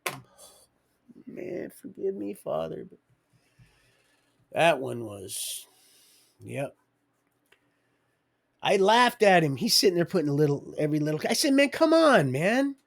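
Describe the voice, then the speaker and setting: A man's voice: on the high side, animated, a little slow, vocal fry, pauses often. Rambling middle-aged man telling stories. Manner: digressive, loose and conversational, with chuckles. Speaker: livestream storyteller. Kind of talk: rambling personal storytelling.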